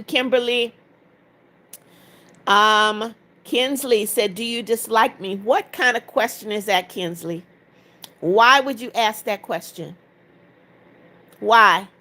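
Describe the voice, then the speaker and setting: A woman's voice: a little high, pushed and bright. A woman hosting a livestream, reading viewer comments aloud, answering them directly and praying over requests. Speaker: livestream host.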